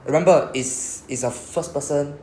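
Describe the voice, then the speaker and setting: A man's voice: a little high, normal speed, a little mellow, a little hiss or hum. A man with a Singaporean English accent, teaching a Japanese lesson in a classroom and explaining patiently, often checking in with the students. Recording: echoey classroom.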